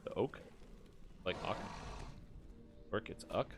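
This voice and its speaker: A man streaming a game, chatting casually, joking around and answering his chat in a rambling way. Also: slow. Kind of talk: casual gameplay commentary.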